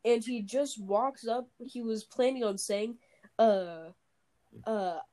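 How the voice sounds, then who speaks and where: A podcast co-host with a mellow, slow, slightly high voice tells a long story during casual chat over a voice call. She uses lots of fillers and often restarts her sentences.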